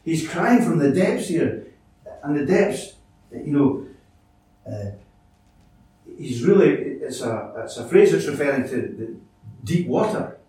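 A man preaches with earnest, halting sincerity, often restarting his sentences as he works through a point. His voice is mellow and sits a touch high, and it is picked up from a distance in a very echoey church. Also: big pitch swings. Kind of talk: sermon.

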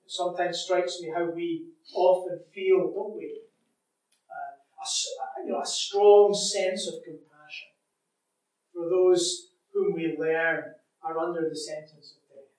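Earnest preacher in an echoing church. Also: male voice, sits high, steady tone, a little slow, distant mic. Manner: earnest preaching, rising in force to stress points, trailing off softly at line ends. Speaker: minister. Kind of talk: sermon.

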